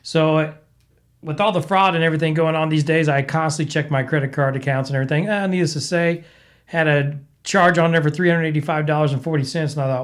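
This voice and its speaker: A man's voice: a little high, fast talker. A man hosting his own podcast, casually rambling and venting, his voice clogged and cracked from being sick. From American Midwest. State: congested, recovering from illness. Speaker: podcast host. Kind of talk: casual solo podcast chat.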